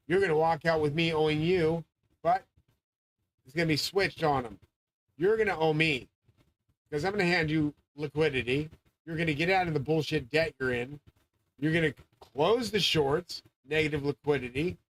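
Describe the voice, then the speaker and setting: A man with a somewhat high-pitched voice rants into his own channel. He rambles from point to point, swears constantly and makes grandiose claims, often slipping into yelling. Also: poor audio. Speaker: channel host. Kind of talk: profane monologue rant.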